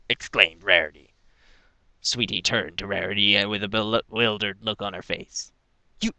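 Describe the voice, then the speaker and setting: Bright, dry-voiced male storyteller. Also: lowish voice, dry recording. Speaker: fan fiction reader. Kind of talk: storytelling narration.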